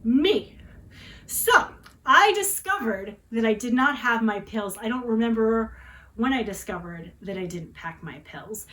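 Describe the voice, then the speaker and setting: A woman's voice: on the high side, animated, a little slow, pushed and bright, rough recording. Dramatic, chatty woman in her forties. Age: 40s. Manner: dramatic, chatty, with tag questions. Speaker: vlogger. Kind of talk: personal storytelling.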